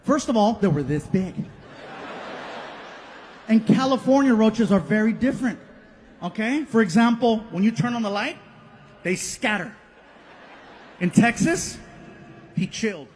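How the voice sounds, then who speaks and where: A man's stand-up comedy comes out through an AI baby voice filter, so he sounds sky-high and childlike. He tells his stories with animated energy and shouts the punchlines. The live recording carries a steady layer of noise. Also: measured pace, pauses often.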